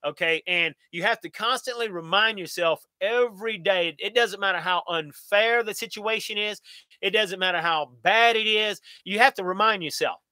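A folksy middle-aged man from the answers viewer questions on a live stream. His voice sits high and bright, recorded close and dry. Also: normal speed, dry recording. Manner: folksy, upbeat, talks straight to viewers. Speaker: channel host.

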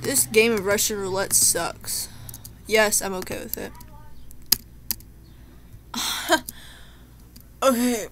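A woman's voice: mid-range voice, slow, long pauses, background noise. A young woman commentating her own gameplay, talking to herself in a chatty, emotional way and shaken to the point of tears. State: tearful, shaken. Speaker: gameplay streamer. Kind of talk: let's play commentary.

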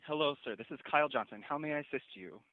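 A man's voice: a little high, animated, fast talker, slight background noise. A man managing a restaurant takes a complaint by phone, polite but stammering and flustered. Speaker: restaurant service director. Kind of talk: phone call with a customer. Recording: tinny phone line.

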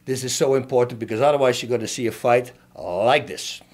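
A man's voice: medium pitch, a little fast. A middle-aged man, a former fighter, telling a story and breaking down a fight for his viewers in a casual, emphatic way. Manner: animated, emphatic, talks straight to viewers.

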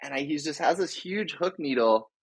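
A man's voice: on the high side, animated, normal speed, breathy edge, no room sound, poor audio. A young man, a surfer guest on a podcast, talking in a loose, laid-back way with lots of fillers. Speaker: guest, big wave surfer. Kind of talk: casual interview chat.

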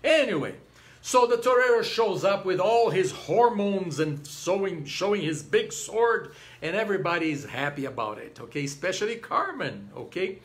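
A man with a high, lively voice gives an informal opera lecture. He acts out the characters as he tells the plot and breaks into short snatches of the arias. His pitch swoops up and down with the story. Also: normal speed. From Brazil.

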